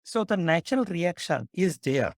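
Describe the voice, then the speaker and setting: Man, psychiatrist guest, lively swinging pitch, fairly high voice, earnest, dry sound. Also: no echo. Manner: earnest and animated, with "uh" pauses. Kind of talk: explanatory discussion with examples.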